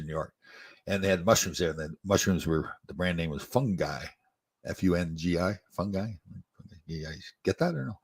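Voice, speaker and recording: A man's voice: low voice, husky. A man in his sixties, a former hockey player hosting a show, telling rambling stories in casual chat and chuckling at them. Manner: rambling, restarts often, chuckles at own stories.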